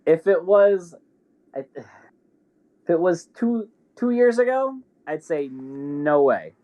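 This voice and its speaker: A man co-hosting a podcast in casual chat, hesitant and halting, often restarting his sentences. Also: on the high side, lively intonation, warm tone. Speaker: podcast co-host.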